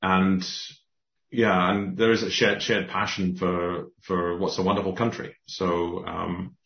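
Deep-voiced man telling stories. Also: measured pace, gravelly, echoey room, dull audio. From Scotland. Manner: animated storyteller, many restarts. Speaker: podcast guest. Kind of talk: casual conversation.

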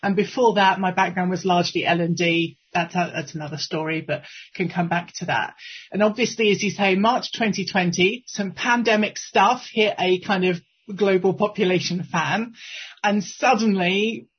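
Upbeat, husky podcast guest. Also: medium pitch, steady tone, normal speed, dull audio. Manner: upbeat, chatty, laughs easily. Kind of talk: conversational interview answers.

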